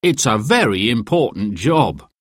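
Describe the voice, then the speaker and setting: A man's voice: medium pitch, very animated, a little slow, no echo, studio quality. A man voicing a cheerful, patient uncle who loves to fish, in a storybook reading.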